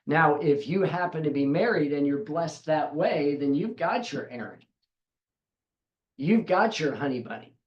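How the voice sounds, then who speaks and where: A man with a slightly raised pitch gives a devotional Bible teaching. He drives his points home by repeating phrases with emphasis. The recording has a noticeable roomy echo. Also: muffled recording.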